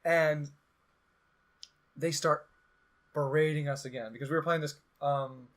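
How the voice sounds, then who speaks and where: A man's voice: fairly high pitch, unhurried. A young man hosting a podcast, telling a rambling story in casual chat and acting out the quotes with sarcasm. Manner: animated, acts out quotes with sarcasm. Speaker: podcast host.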